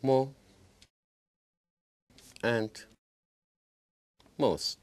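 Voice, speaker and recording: A man who speaks Kurdish natively, teaching English grammar by slowly repeating and drilling word forms. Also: mid-range voice, a little mellow. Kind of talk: language lesson.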